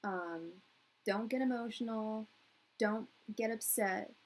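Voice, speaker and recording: A woman's voice: a little high, takes it slowly, poor audio. A young woman giving a live-stream tarot reading, chatty and emotional, with frequent laughter. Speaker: tarot reader.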